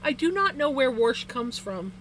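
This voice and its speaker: A woman's voice: high-pitched, big pitch swings, normal speed, a bit bright, slight background noise, low-quality recording. A woman chatting casually with her livestream viewers, laughing often as she talks. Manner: giggly, laughs often between words. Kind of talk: casual chat with viewers while spinning wool. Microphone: streaming setup.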